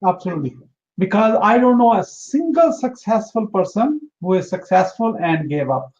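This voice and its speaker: Earnest high-voiced man giving advice. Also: lively intonation, moderate pace, darkish tone, highs cut off. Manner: earnest, emphatic, repeats for emphasis. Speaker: interview guest, entrepreneur. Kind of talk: motivational interview talk.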